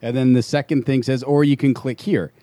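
In casual chat, a man recounts a frustrating story, cursing freely and imitating the voices of the people he quotes. His medium-pitched voice is warm and steady, fairly quick, and recorded with no echo.

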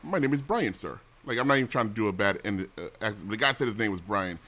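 Middle-aged male host, casual rant, blunt and profane, bright forceful tone. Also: lowish voice, rapid-fire. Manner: blunt, complaining, profane, with restarts. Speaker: show host. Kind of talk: casual rambling chat.

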